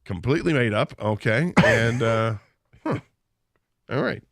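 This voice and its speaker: Man, radio host, animated storyteller, swinging pitch, dry close mic. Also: measured pace, no echo. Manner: animated storytelling, laughs often. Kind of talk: casual sports radio banter.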